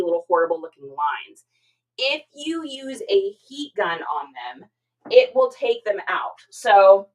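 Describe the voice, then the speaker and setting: A middle-aged woman hosting a casual live stream, chatting and reading out viewer comments in an expressive way, with many fillers and repeated words. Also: medium pitch, rough recording.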